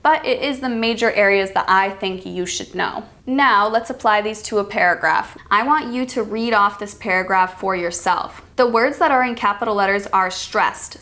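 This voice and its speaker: A woman teaching an online pronunciation lesson, reading example sentences slowly and deliberately. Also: mid-range voice, fairly bright tone. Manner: clear, instructive teacher's delivery. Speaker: accent coach.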